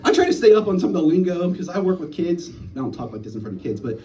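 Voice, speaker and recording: A man's voice: sits high, fast, heavy background noise. A man in his thirties doing a stand-up comedy set in a small live venue, telling stories and acting out the other people's voices. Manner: animated storytelling, acting out voices. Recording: voice from a distance in a small room.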